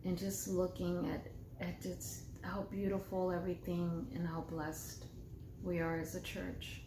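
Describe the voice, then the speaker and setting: A woman's voice: fairly low pitch, completely flat delivery, measured pace, reverberant, background noise. A woman co-pastor chatting casually and playfully with her church's online viewers from home. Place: home room.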